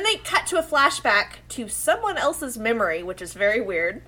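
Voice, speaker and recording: A woman in easy conversation, recapping scenes with lively energy and briefly voicing the characters as she goes. Her voice sits fairly high. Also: moderate pace. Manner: animated retelling, acting out characters' lines. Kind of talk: casual chat recapping an anime episode.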